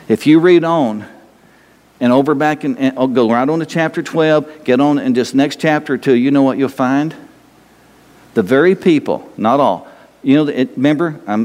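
A man's voice: mid-range voice, a little mellow, in a large hall. A man preaching a sermon, emphatic and rambling, pressing his listeners with repeated questions. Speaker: pastor.

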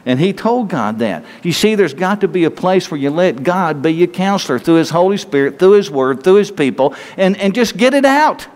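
A man preaching a sermon, telling a story and acting out its voices, now and then dropping to a hush. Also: high voice, animated, normal speed, few pauses. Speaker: pastor. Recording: long hall reverb.

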